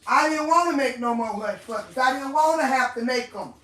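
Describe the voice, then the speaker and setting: A woman's voice: sits high, animated, a little fast, fairly bright tone, far from the mic. A woman vlogger venting angrily at home, cursing and repeating herself as she complains. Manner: profane, repetitive ranting in Southern African American vernacular. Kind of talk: angry venting monologue. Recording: echoey room, voice somewhat off-mic, faint noise.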